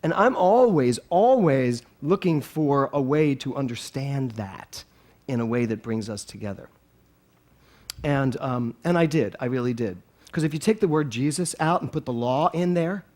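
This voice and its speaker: A man's voice: medium pitch, darkish tone. A male minister giving a sermon as a humorous, chatty personal story.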